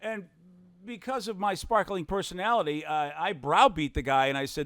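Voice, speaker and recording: A man tells old radio-station stories in casual chat, lively and quick to laugh. His voice sits fairly high, and the sound is dry and close. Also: no room sound. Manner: animated, acts out quotes with big pitch swings, laughs often. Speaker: radio broadcaster guest. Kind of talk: casual storytelling on a podcast.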